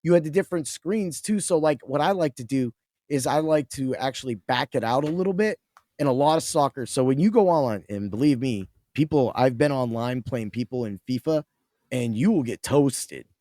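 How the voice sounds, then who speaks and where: A man in casual chat as a podcast guest, excitable and rambling, with restarts. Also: medium pitch, moderate pace, no echo, studio quality.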